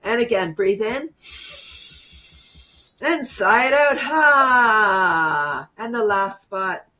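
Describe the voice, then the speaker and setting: Warm-up coach type: bubbly woman leading laughter and tapping exercises, giggling often. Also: on the high side, takes it slowly, faint music behind. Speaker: laughter yoga teacher, guest. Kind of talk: guided laughter exercise demo.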